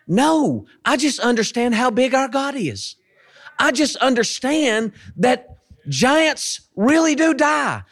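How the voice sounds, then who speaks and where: A man preaching a sermon, with animated delivery and drawn-out, emphatic repetitions. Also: very high voice. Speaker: pastor and station head.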